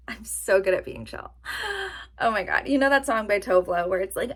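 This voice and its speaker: A woman chatting casually to her camera in a vlog, animated and self-mocking, laughing at her own jokes. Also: mid-range voice, measured pace, creaky, husky. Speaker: vlogger. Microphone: camera-mounted or nearby mic, sitting to film.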